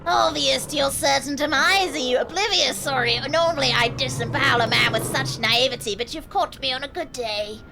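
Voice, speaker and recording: A fierce, threatening lady manatee , as a woman puts her on for a video game stream. She is loud, theatrical and menacing, pushed up into a high, shrill register. Game music plays clearly underneath. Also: a little fast, hardly any pauses, low-quality recording.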